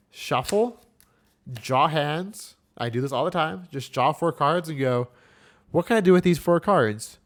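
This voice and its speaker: A man's voice: medium pitch, darkish tone. A young man giving a casual, rambling and enthusiastic breakdown of a card game deck. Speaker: card game content creator.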